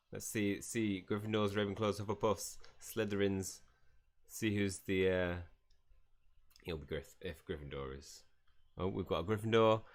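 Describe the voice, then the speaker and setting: A man streaming a game live, chatting casually, reading game dialogue aloud and laughing often. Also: low-pitched. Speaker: gaming streamer. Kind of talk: live gameplay commentary.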